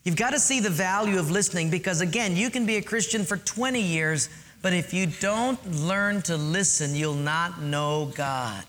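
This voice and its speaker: A man's voice: sits high, moderate pace, fairly bright tone. A man preaching a sermon earnestly, asking listeners to underline and write things in their notes. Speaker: pastor.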